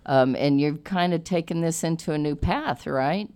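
A woman with a strikingly deep voice hosts a relaxed talk show. She keeps the conversation moving with friendly, chatty questions. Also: moderate pace. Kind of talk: casual interview chat.

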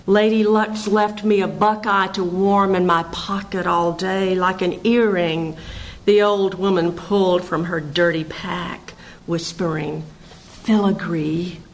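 A woman poet reading her own poems aloud in a measured recitation, with hesitant, chatty asides between the pieces. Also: lowish voice, fairly even intonation, rough recording. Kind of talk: poetry reading.

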